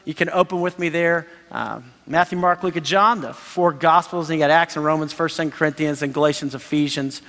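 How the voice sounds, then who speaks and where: A man in his thirties preaching a sermon as pastor, animated and enthusiastic, laughing often. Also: on the high side, a little fast, hardly any pauses. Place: church sanctuary. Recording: long hall reverb.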